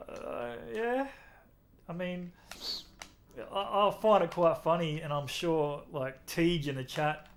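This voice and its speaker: Relaxed Australian man streaming a game. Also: fairly high pitch, slow, long pauses, a little hiss or hum. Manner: relaxed, chatty, reads chat aloud. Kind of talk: casual live-stream chat while gaming.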